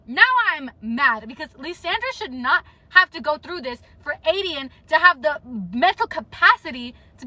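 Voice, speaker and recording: A woman's voice: sits high, lively intonation, normal speed, hardly any pauses, bright, forceful tone, no room sound. A woman streaming live as she reads a novel aloud, breaking off to rant and swear about the story with emphatic repetition. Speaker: livestreamer reading a novel aloud. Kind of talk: live read-aloud with reactions.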